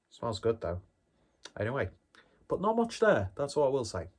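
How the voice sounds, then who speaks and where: A man casually reviewing a beer on his vlog in a rambling, jokey, self-deprecating way. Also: mid-range voice.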